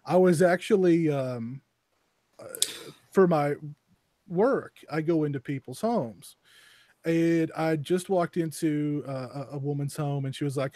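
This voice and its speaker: A man's voice: a little high, a little slow, warm tone. A man hosting a casual podcast chat, rambling with lots of fillers and repeated words. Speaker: podcast host.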